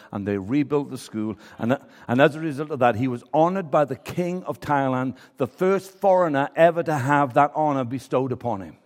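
A man preaching a sermon and telling a story, acting out the voices of the people in it. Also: mid-range voice. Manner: storytelling, acts out quoted voices. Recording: preaching in a reverberant hall.

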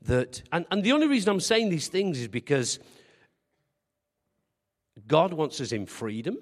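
A man's voice: a little high, very animated, a little slow. Man preaching with long hall reverb. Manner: conversational, asks the congregation questions; humorous, self-deprecating storytelling. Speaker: pastor. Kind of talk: sermon.

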